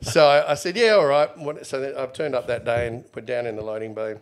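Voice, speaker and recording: A man's voice: medium pitch, fairly quick. A middle-aged Australian man in a casual interview, telling stories and acting out the people in them. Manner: animated, acts out quoted exchanges. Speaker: interview guest, former bodyguard.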